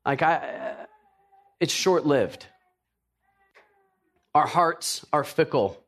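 A middle-aged man preaching a sermon, telling personal stories with jokey asides in an animated way. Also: a little high, very slow. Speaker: pastor.

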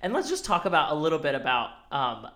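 A woman co-hosting a casual podcast about a TV show, talking in an animated, profane way and laughing often. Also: sits low, quick pace. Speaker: podcast co-host. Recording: roomy echo.

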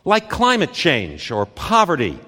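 A man delivers a conference talk in a high, lively voice that rises and falls with every phrase. He speaks slowly in short, punchy lines, and the long reverb of a big hall trails each word. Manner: deliberate, dramatic short phrases with pauses. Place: stage in a large hall.

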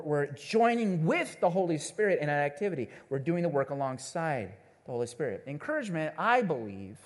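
Animated, high-voiced male preacher. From Missouri, USA. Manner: animated, playful storytelling with congregational asides. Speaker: pastor. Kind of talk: sermon with storytelling.

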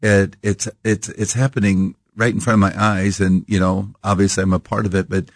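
Low gravelly iowa guy in his 50s, rambly reflective talk, dry studio sound. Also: flat delivery, fairly quick, dry recording. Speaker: coffee company founder, guest. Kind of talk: casual interview. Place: radio studio.

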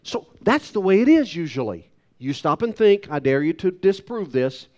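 A man's voice: high-pitched, big pitch swings, moderate pace, a little mellow. A male pastor giving a sermon, talking emphatically and putting rhetorical questions to the congregation.

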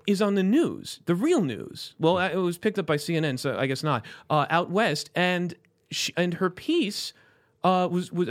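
A man from South Florida hosting a casual chat show, talking in an animated, rambling way with many restarts. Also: fairly high pitch. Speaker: podcast host.

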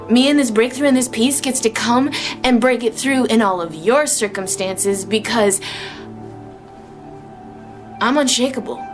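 A woman with a high voice gives an emotional faith testimony. She talks with exclamations and bursts of feeling. Music plays clearly under her voice. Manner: emotional, exclamatory, tearful at moments. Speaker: Christian speaker sharing testimony.

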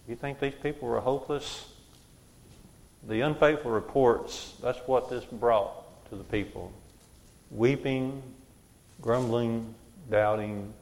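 A man's voice: mid-range voice, measured pace, gravelly, darkish tone. A man leading a group Bible study, who asks questions and repeats the answers back to the room.

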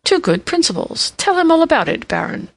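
A mocking, self-assured old monarch, as a woman reader puts him on for an audiobook. He delivers learned quips with a raised, lively pitch and a gravelly edge, close and dry. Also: fairly quick, no room sound, exaggerated voice. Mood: jovial. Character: elderly male king, jovial, teasing, self-assured.

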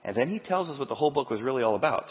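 A male pastor preaching a sermon, telling the story in an animated way and moving between loud and quiet passages. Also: medium pitch, racing. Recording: tinny sound, long hall reverb.

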